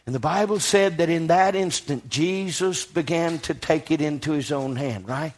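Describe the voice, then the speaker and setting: A man's voice: on the high side, moderate pace, few pauses. A man preaching a sermon in a church, rising to fervent passages and putting questions to his congregation.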